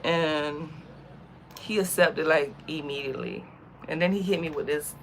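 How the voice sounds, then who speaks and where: The young vlogger from the United States has a low voice and speaks a little slowly, telling a story outdoors. She's talkative, lively and slangy, and slight background noise comes through.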